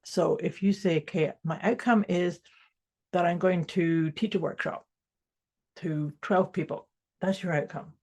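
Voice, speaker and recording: Woman, co-host, motivational mindset chat, mellow tone, husky, reflective, self-correcting. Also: fairly low pitch, steady tone, unhurried. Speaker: podcast co-host.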